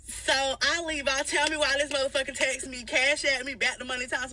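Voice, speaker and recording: A woman telling a crude personal story in a casual, profane, animated way, laughing often. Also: sits high, quick pace, hardly any pauses, far from the mic.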